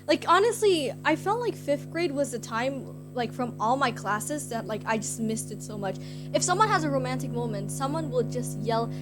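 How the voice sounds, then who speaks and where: A woman's voice: sits high, sing-song, moderate pace, fairly bright tone. A young woman streamer casually telling a story to her chat, rambling with lots of "like" fillers, giggly and self-conscious. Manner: rambling, heavy use of "like" fillers. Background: guitar music.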